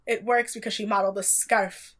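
A woman's voice: mid-range voice, steady tone, brisk. A woman co-hosting a casual chat show, wry and chatty, stretching words out for emphasis. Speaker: podcast co-host recapping a reality show.

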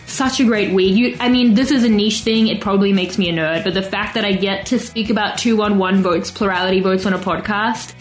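A woman's voice: medium pitch, a little fast, few pauses, echoey room, low-quality recording. Chatty Australian woman podcast host. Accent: mixed Australian. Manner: enthusiastic, chatty, laughs often. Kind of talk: casual podcast chat.

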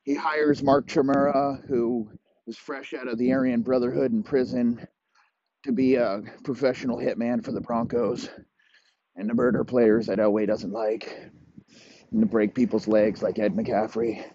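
A young man hosting a comedy podcast, rambling through a crude, profane made-up story and dropping into low mock voices for the characters. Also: little pitch movement, measured pace, dark tone. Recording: dry, muffled lo-fi audio.

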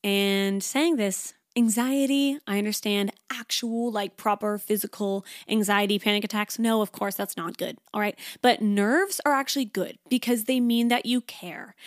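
A woman's voice: medium pitch, no room sound, studio quality. A woman hosting a self-help podcast, talking casually and reassuringly, with lots of "like" fillers. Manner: chatty, frequent "like" fillers; encouraging, reassuring. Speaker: podcast host.

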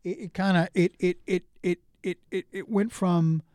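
A middle-aged man in casual conversation, telling stories with lively restarts and acted-out quotes. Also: high-pitched, normal speed, clean tone, dry recording, clean studio sound. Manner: animated storyteller, frequent restarts and acted quotes. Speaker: interview guest.

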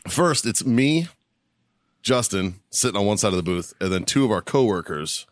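A man's voice: fairly low pitch, lively intonation, normal speed, dry recording. A man hosting a podcast, telling stories in casual chat, laughing often and swearing constantly. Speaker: podcast host.

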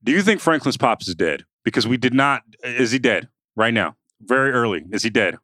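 A man's voice: medium pitch, animated, a little fast, sharp tone, no room sound, studio quality. A man co-hosting a sports podcast, chatting casually and playfully and hyping up a segment. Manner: playful, joking, hypes up a segment. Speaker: podcast co-host. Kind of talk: casual chat.

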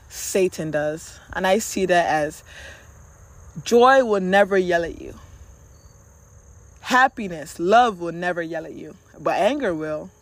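Speaking to camera, someone offers casual motivational advice in a candid, conversational way, addressing listeners directly and familiarly. The pitch is middling, and the occasional blunt swear word slips in.

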